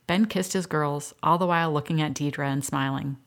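A woman reads an audiobook story in a low, gravelly voice. Her storytelling is steady and even, moving through the scenes without rush. A slight fry sits under her words. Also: normal speed. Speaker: narrator. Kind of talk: audiobook narration.

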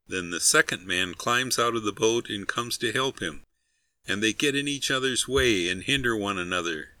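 A man reads a humorous story aloud with wry, steady delivery. His voice sits somewhat low yet sounds very bright, recorded close and dry with no room sound. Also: dry recording. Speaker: narrator. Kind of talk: scripted narration of a humorous story.

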